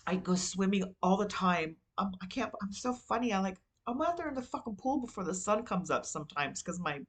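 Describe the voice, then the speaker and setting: On poor audio, a woman with a medium-pitched, slightly bright voice runs her own podcast. She talks through a candid vlog-like monologue about herself, rambling in a confessional tone, swearing casually and leaning on "you know" and "like."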